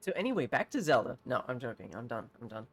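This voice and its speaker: A man's voice: medium pitch, big pitch swings, fast talker, a bit bright, breathy edge. A man streaming a game, giving casual gameplay commentary in a chatty, joking way and swearing freely.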